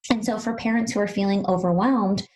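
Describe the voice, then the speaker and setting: A woman speech-language pathologist co-hosting a podcast, chatting quickly and animatedly with lots of "you know"s. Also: medium pitch, fairly even intonation, darkish tone, low-quality recording. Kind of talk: casual podcast chat.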